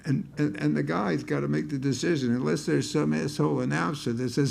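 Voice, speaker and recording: A man's voice: a little high, steady tone, a little fast, vocal fry, a little mellow, a little hiss or hum. An older man, a blues guitarist, telling wry, rambling stories on a concert stage between songs, often stumbling and restarting his words.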